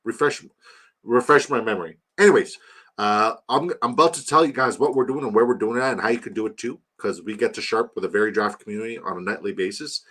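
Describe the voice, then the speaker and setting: A young man hosting a live fantasy football draft stream, rambling and joking as he shouts out viewers by name. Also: lowish voice, fast, husky. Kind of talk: casual live-stream chat.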